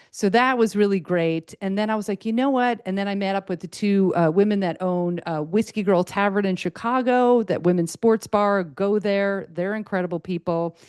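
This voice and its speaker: A middle-aged woman hosting a casual solo podcast, talking excitedly in a loose, rambling way with lots of fillers and restarts. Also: medium pitch, clear, resonant tone, no echo, clean studio sound. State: a little choked up, tired. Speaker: podcast host.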